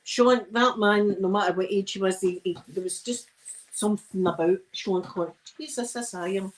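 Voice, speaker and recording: A tired Scottish woman hosts an ASMR livestream, chatting casually while she irons. Her medium-pitched voice moves at a normal speed, rambling and self-mocking between yawns. The recording quality is low.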